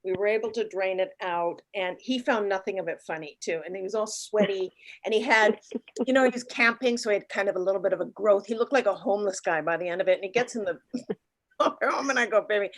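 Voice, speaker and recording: Speaking quickly at a medium pitch, a woman guest in her late fifties recounts a travel story in a casual way. She gets animated, performing the voices of the people in the tale.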